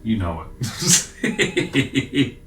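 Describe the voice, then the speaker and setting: A man's voice: medium pitch, very animated, extremely slow, a bit bright. A man chatting casually in a teasing, laughing way. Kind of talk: casual chat. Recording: roomy, off-mic from a distance.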